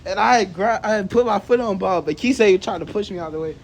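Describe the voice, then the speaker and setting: Casual male storyteller, high-pitched, animated, slangy, acts out the dialogue. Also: a little fast, a little hiss or hum. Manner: animated and slangy, acts out quoted lines and laughs often. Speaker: co-host telling a fan story.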